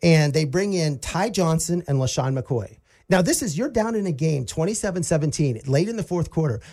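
A man co-hosting a casual sports talk show, recapping a game in an excited, incredulous, rambling way. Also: on the high side, moderate pace. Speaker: podcast co-host.

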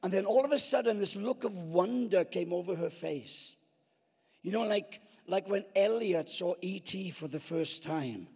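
Give me an older male preacher in his seventies telling lively comic anecdotes. The voice is high and husky, and it echoes with a long reverb through a large church hall. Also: a little slow. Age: 70s. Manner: jokey, self-mocking, lively anecdotes. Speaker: guest preacher. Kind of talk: sermon with comic storytelling.

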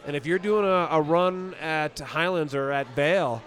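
A man's voice: fairly high pitch, measured pace, a bit bright. A man who coaches skiing, talking practically and encouragingly in an outdoor interview. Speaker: ski coach and exam selector.

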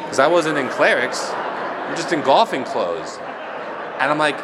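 Joking priest in a reverberant church. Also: male voice, mid-range voice, normal speed, background noise. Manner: storytelling, joking and animated, quoting others in raised voices. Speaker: Catholic priest. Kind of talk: homily. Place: church during Mass. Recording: reverberant church with faint ambience.

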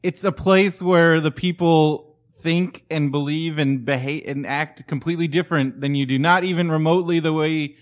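A man's voice: on the high side, steady tone, moderate pace. Laid-back man co-hosting live. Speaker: co-host. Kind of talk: live comedic chat. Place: small theater with a live audience.

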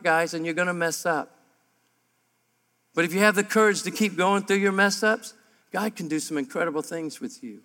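A man preaching a sermon to a room of men, emphatic and humorous, and his voice climbs higher and louder as he builds. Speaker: pastor. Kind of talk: sermon at a men's breakfast. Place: large room before an audience. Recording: live hall with long reverb.

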